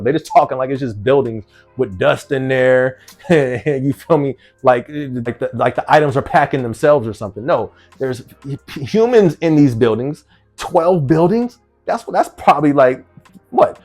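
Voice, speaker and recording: A man's voice: medium pitch, a little mellow. Chatty man from New Jersey, laughing often. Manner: conversational, laughs often, rhetorical questions. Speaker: vlogger. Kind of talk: casual commentary reading an article.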